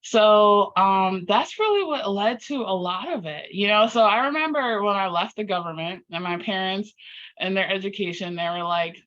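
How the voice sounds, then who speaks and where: A woman guest on an interview podcast, talking earnestly in an animated, storytelling way and acting out her own inner dialogue. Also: mid-range voice, moderate pace. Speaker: podcast guest, life coach. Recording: slightly muffled lo-fi audio.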